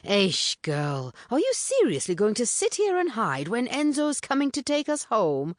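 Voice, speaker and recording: A woman's voice: fairly high pitch, huge pitch swings, measured pace, no room sound, studio quality, voice pushed up. A woman doing a hopeful, teasing girlfriend. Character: chatty, hopeful young woman friend.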